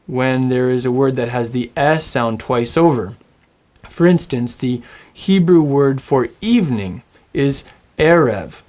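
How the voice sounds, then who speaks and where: A man teaching a recorded Hebrew lesson, friendly and encouraging, saying words slowly and getting the listener to repeat them. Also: medium pitch, darkish tone. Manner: friendly, encouraging, models pronunciation aloud.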